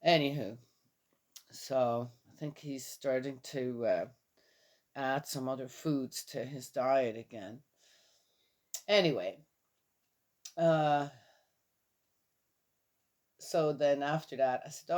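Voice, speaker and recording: A woman's voice: a bass voice, takes it slowly, long pauses, darkish tone. A woman in her fifties, a little tired, chatting casually in a morning vlog, rambling and chuckling often. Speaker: vlogger.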